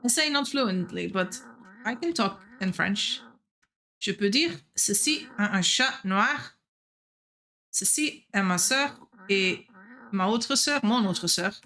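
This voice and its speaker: A woman's voice: medium pitch, animated, slow, long pauses, pushed and bright. A young woman streaming a game, rambling in casual chat and laughing often. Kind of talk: casual chat while gaming.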